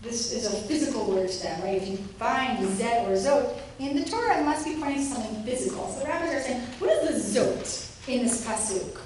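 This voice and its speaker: Female lecturer, high voice, animated delivery, distant mic in a very echoey room. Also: fast, few pauses. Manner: lively, acts out quoted voices with rising pitch. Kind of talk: academic lecture. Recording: roomy echo, distant mic, faint noise.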